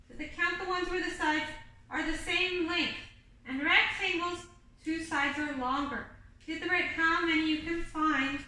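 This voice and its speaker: A woman teaching kindergarten online, her voice very high and bright as she walks small children through their lessons. She talks slowly and clearly, sometimes breaking into simple songs. The sound is roomy and echoey, picked up from a little distance. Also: slight background noise. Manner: slow, clear teacher talk to young children, singing vowel songs. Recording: echoey room, a bit far from the mic.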